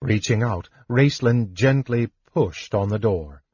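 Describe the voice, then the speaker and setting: A man reading a fantasy novel aloud in slow, measured narration. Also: on the low side, darkish tone, husky, no echo. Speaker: audiobook narrator. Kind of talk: scripted narration. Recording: dull lo-fi recording.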